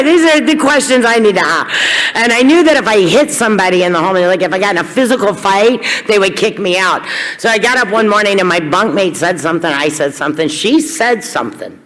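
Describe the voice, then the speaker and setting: A woman from Kentucky telling her recovery story to a meeting, candid and wry, with sudden bursts of energy. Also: on the low side. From Kentucky, USA. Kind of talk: personal recovery story told to an audience. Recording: long hall reverb.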